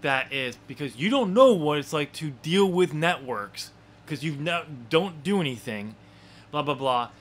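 A man's voice: on the high side, expressive, a little slow, fairly bright tone. A man co-hosting a wrestling podcast, talking casually and rambling with many fillers and restarts. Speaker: podcast co-host.

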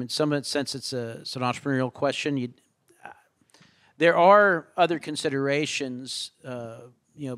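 Guy on a faculty panel, average pitch, kinda halting, hunting for words. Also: fairly bright tone. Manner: halting, searches for words mid-sentence. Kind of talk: answering audience questions on a panel. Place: lecture room at an institute.

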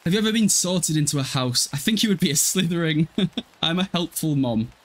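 With a fairly high pitch and an expressive, slightly quick delivery, a man from Hull in East Yorkshire, England streams a game. He keeps up casual chat with his viewers, laughing a lot and swearing without holding back.

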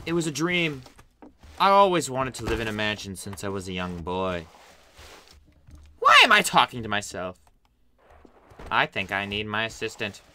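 A woman voicing a manic, villainous male mansion creator who shouts, gloats and cackles. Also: a bass voice, very animated, normal speed, long pauses, a little hiss or hum, exaggerated voice. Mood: scheming. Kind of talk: doll play-acting.

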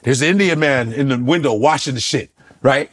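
A middle-aged male comedian, appearing as a guest, tells a profane, punchy story with animated delivery, acting out the people in it as he goes. His voice is mid-range and a little fast.

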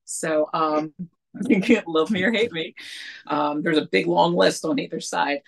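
Gravelly, rambling joking woman co-host. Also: lowish voice, measured pace. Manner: rambling, joking, self-deprecating, laughs often. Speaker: podcast co-host. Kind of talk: casual chat.

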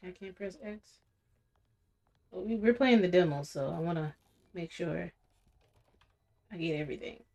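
A woman's voice: on the low side, a little slow, vocal fry, long pauses, a little mellow, dull audio. A woman streamer giving casual, chatty commentary while playing a video game. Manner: chatty, talks to viewers. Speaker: gaming streamer.

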